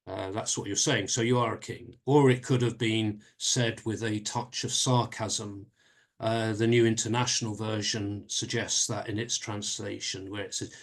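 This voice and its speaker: A man's voice: lowish voice, steady tone. Man leading a Bible study. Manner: measured explaining with frequent fillers and restarts. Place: church.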